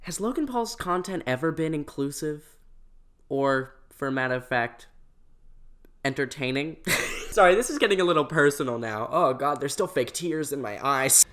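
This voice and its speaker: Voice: mid-range voice, expressive, fairly bright tone. Sarcastic young YouTube commentator. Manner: sarcastic, mocking, quick asides.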